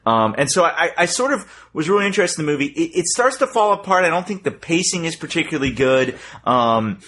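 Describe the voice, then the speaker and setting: A man's voice: on the high side, big pitch swings, fast talker, fairly bright tone. A man hosting a film podcast, talking in a hesitant, reflective way with many ums and restarts. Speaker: podcast host. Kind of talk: casual film discussion.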